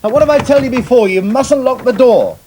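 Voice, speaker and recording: A man's voice: very high-pitched, a little fast, noisy background. A man presenting a children's show, coaxing and scolding in a parental way. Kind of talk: acted children's TV scene.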